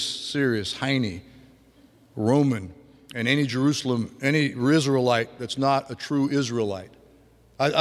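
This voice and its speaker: Guy preaching a sermon, kinda high voice, chatty with restarts, long echo like a big church hall. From grew up on a farm. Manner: conversational, with restarts and vivid sound imitations. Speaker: pastor.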